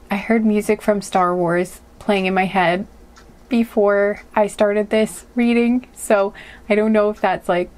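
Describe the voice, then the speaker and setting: A woman gives a casual pick-a-card tarot reading in a medium-pitched, slightly mellow voice. She rambles and hesitates, fills her speech with "like" and "um," and laughs often.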